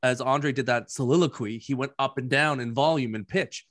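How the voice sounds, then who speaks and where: A man's voice: mid-range voice, moderate pace, a bit bright, no room sound, studio quality. A man co-hosting a podcast, giving a blunt, opinionated rant in casual chat. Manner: blunt, opinionated, ranting critic. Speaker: podcast co-host.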